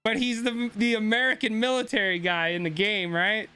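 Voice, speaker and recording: A man's voice: sits high, little pitch movement, moderate pace, pushed and bright, clean tone, dry recording. A young man streaming a game, ranting casually and swearing a lot as he talks to his chat. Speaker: gaming streamer.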